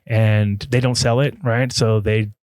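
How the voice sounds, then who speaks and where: A man's voice: on the low side, flat delivery, unhurried, darkish tone, clear, resonant tone, dry recording. Rambling, profane male podcast guest. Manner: rambling, profane, acts out other people's lines. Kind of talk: casual storytelling.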